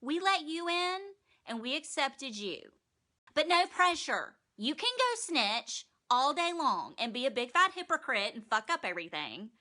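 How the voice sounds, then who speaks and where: A woman's voice: sits high, sing-song, unhurried, pushed and bright, pitched above the performer's own voice, heavily acted. A woman putting on a sarcastic young woman who talks in a mocking, sing-song, profane way. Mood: passive-aggressive.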